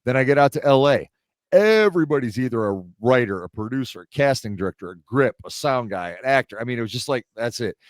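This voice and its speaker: A middle-aged man chats as a podcast host, talking quickly and with lots of energy. He tells his stories with gusto and slips into the voices of the people he quotes. The sound is close and dry, with no room around it. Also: medium pitch, no room sound. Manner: animated storyteller, acts out quoted voices. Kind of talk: casual chat.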